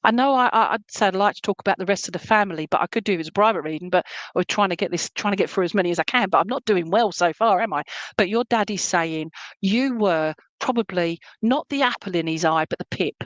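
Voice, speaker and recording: A woman's voice: medium pitch, fast talker, no echo. A woman serving as a spiritualist medium, giving a reading in an online church service in a chatty, reassuring way and often checking in with "okay?" and "all right?". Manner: relays spirit messages in a homely, colloquial way.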